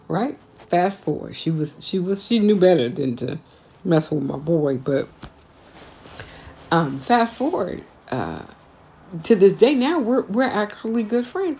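A woman talking bluntly and candidly to camera, swearing freely and jumping high in pitch when she makes a point. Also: big pitch swings, unhurried, darkish tone. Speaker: vlogger. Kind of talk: candid unscripted monologue.

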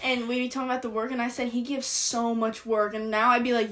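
An eighteen-year-old woman in a casual chat with a friend. Her voice sits a little high, and her talk is slangy and loose. She laughs easily and sometimes runs her words together. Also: normal speed, creaky, a bit bright, slight background noise. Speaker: podcast co-host.

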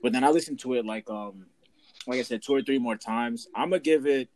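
A young man with a mid-pitched voice chatting casually as a podcast co-host. He is loud and joking and reacts fast to the others. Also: slight background noise. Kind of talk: casual chat.

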